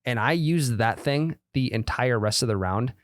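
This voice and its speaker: A man's voice: medium pitch, lively intonation, moderate pace, no room sound, studio quality. A young man co-hosting a golf podcast, chatting loosely and slipping into sponsor-read patter. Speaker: podcast co-host. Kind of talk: casual chat with ad reads.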